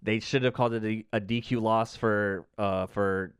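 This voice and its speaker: A man co-hosting a podcast, telling stories in animated casual chat, packed with filler words and the odd swear. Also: on the low side, moderate pace, smooth, dry recording, studio quality. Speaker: podcast co-host.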